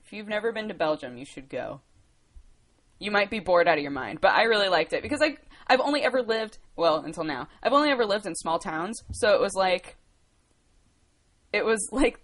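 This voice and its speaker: A woman in her twenties from the United States, chatting casually on a livestream, rambling and laughing as she answers viewer questions. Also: lowish voice. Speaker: livestream host.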